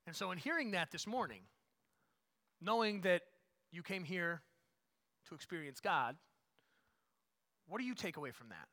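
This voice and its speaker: A man leads his congregation through a sermon as pastor. His voice sits a touch high and rings bright and forceful. He drives repeated phrases to loud emphatic peaks, then sinks into low, hushed asides. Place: church.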